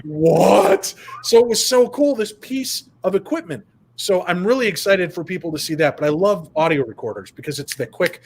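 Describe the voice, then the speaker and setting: A man guesting on an interview over a video call, telling stories in an animated, casual way. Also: on the high side. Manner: animated, retells events with quoted dialogue. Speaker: paranormal investigator guest.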